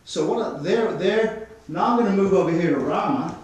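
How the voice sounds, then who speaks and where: An Australian man training dogs in a studio, his voice a touch higher than most men's. He explains things step by step and gives the dogs calm commands. The room is very echoey and he stands well back from the mic. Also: moderate pace, distant mic. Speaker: dog trainer. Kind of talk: explaining while demonstrating.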